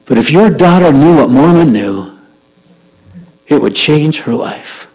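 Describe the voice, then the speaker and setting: A man's voice: a little high, expressive, unhurried, darkish tone, slightly rough, low-quality recording. A man from Utah telling a story to young people, acting out both sides of a conversation. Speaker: youth speaker. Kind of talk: storytelling talk to youth.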